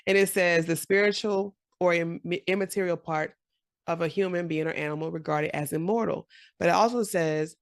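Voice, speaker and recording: A woman in her forties giving a casual, encouraging motivational talk to camera, animated and often laughing. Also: on the low side, normal speed, no echo, studio quality. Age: 40s. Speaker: journaling vlogger.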